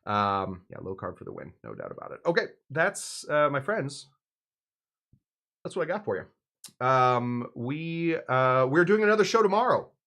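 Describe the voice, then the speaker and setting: He talks a little slowly in a mid-range, slightly bright voice with big pitch swings. Hosting a live cocktail stream, he drifts from thought to thought, laughs at himself, and restarts sentences or drops fillers constantly.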